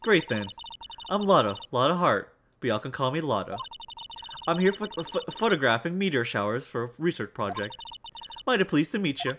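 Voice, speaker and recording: A streamer voicing a loud young Southern woman photographer, drawling and stumbling over long lines, with game music behind. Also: mid-range voice, very animated, normal speed, background noise, natural voice. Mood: friendly.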